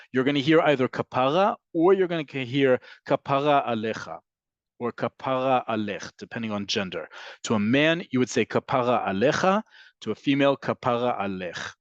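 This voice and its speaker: A man's voice: mid-range voice, dry recording. A man lecturing in a live online class, explaining each term patiently and checking in with his students. His voice sits in a middle range and comes across close and dry. The sound is slightly dull, like a compressed video call. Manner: explanatory, frequent ums and checks with "right?". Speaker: Hebrew teacher.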